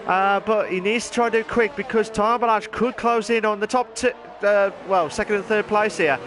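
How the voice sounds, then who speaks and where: A chatty man commentates on an online race, his voice sitting somewhat high. He rambles between stats and suddenly yelps with excitement at crashes. The stream mic carries clear background noise. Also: brisk. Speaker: sim racing co-commentator. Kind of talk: live esports race commentary.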